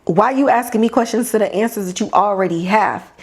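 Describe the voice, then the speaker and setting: A woman's voice: mid-range voice, brisk, pitched below the performer's own voice, natural voice. A woman voicing a blunt, streetwise male gladiator who talks in flippant, profane slang while he plans to run.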